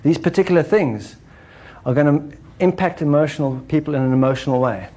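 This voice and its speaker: Man, fairly high voice, conversational spiritual talk, keeps asking "right?". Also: brisk, warm tone. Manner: conversational, often adds "right?" to check in. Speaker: speaker presenting his book and method. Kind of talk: informal spiritual talk to a live audience.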